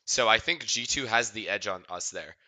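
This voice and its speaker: A man streaming a watch party, chatting casually and getting excited. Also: on the low side, moderate pace. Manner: casual, excitable, checks his mic aloud.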